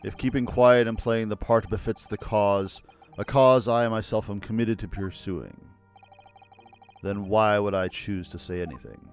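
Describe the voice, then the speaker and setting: A man's voice: on the low side, faint music behind. A man doing a disdainful aristocratic lord. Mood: brooding. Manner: cold, disdainful, measured. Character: haughty aloof aristocratic male lord. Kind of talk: reading game dialogue aloud.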